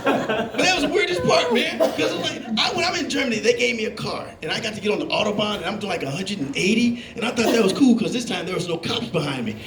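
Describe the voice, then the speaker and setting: High-voiced comedian telling stories on stage. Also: male voice, fast talker, a crowd in the background. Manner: animated storytelling, acting out voices, laughing along. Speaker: stand-up comedian. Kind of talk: stand-up comedy set. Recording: roomy club with live audience. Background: audience laughing.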